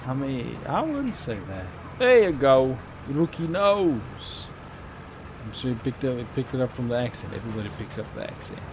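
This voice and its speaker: A young man talks his way through a live game stream in a lively, bouncing voice, rambling casually between sudden excited yelps. A faint hum of noise sits behind him. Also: mid-range voice, a little fast, hardly any pauses. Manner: chatty, with sudden excited outbursts. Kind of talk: live gameplay commentary.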